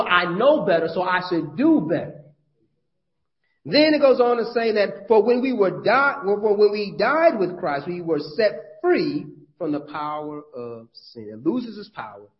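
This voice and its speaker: A man's voice: high voice, sing-song, normal speed. A male pastor preaching a sermon in a conversational, folksy way, with frequent restarts. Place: church. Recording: dull lo-fi church audio.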